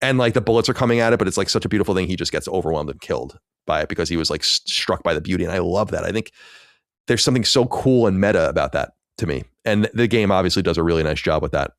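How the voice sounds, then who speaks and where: A man talks fast on a podcast in a low-leaning voice, circling back through restarts and fillers. The sound is dry and close, with no room in it. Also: animated, no echo. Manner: rambling, many restarts and fillers. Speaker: podcast co-host. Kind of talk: casual chat.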